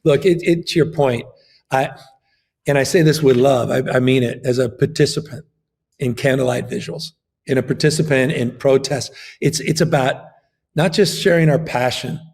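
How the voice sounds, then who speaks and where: A man's voice: medium pitch, normal speed, vocal fry, darkish tone, slightly rough. A man, a governor, giving an impassioned political interview, emphatic and fond of repeating his phrases.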